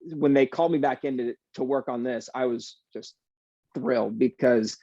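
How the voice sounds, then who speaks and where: A young adult man, an actor guest, chatting casually in an interview, easygoing and animated with plenty of fillers. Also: medium pitch, normal speed, no room sound, highs cut off.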